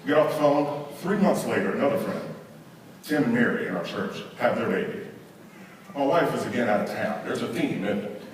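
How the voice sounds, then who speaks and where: A man telling a humorous story to a live audience, animated and full of asides to the crowd. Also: medium pitch, a little fast, a little hiss or hum. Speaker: conference speaker. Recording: echoey hall, miked from a distance.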